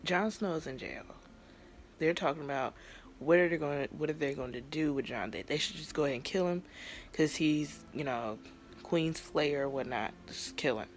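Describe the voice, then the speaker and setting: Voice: mid-range voice, normal speed, slight background noise. A vlogger giving a casual, exasperated take on a TV finale, acting out the characters and laughing often. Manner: animated, exasperated, acts out scenes; frequent laughter. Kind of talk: casual TV reaction chat.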